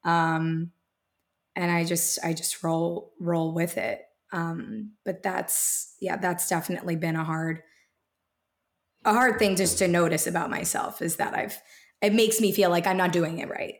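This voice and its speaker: A woman in her thirties speaks as a podcast guest in a lowish voice. She talks in a halting, casual way, restarting sentences and leaning on fillers. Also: level tone. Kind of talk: casual interview talk.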